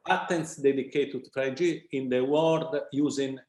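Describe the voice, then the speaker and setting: A male professor on a panel explains his point conversationally, often checking in with his listeners. His voice sits at a middle pitch, and the room gives it a noticeable echo. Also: fairly even intonation, a little slow, darkish tone. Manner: conversational, with tag questions like "okay?". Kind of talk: round-table discussion. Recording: echoey room sound.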